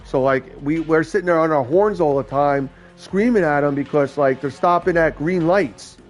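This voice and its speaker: Casual talker, man from New York, a touch high-pitched, swears freely, faint music underneath. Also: moderate pace. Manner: rambling, profane storytelling. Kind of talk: casual chat.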